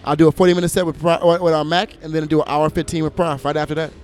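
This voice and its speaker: A man's voice: fairly high pitch, rapid-fire, faint music behind. A man from Minneapolis, a DJ and producer, chatting as an interview guest, telling stories with lots of swearing and laughter. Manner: animated storyteller, swears freely, laughs often. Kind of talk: casual interview chat.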